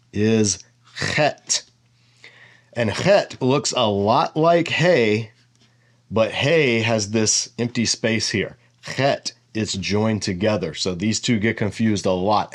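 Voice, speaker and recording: A man giving a casual whiteboard lesson as a Bible teacher, explaining step by step and thinking aloud with asides. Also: mid-range voice.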